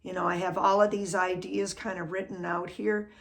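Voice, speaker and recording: A woman's voice: lowish voice, little pitch movement, moderate pace, vocal fry. Woman drum teacher, chatty lesson. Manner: says "okay?" after most phrases, counts beats aloud.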